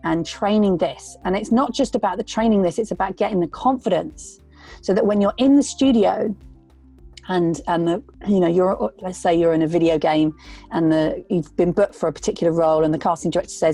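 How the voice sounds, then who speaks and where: Gravelly, low-voiced woman voice actor. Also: brisk, mellow, faint music behind. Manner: earnest, rambling with restarts. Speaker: voice actor guest. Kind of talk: casual interview talk.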